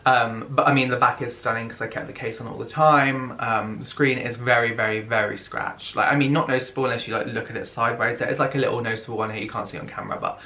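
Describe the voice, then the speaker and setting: Excitable young man unboxing. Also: medium pitch, fast talker, hardly any pauses. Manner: excitable, gasping, dropping to whispers. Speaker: vlogger. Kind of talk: casual unboxing vlog.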